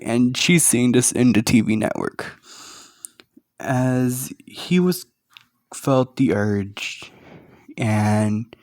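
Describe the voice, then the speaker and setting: A man narrating a fan story in a halting, hesitant way, speaking quietly with a sore throat. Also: medium pitch, no room sound, clean studio sound.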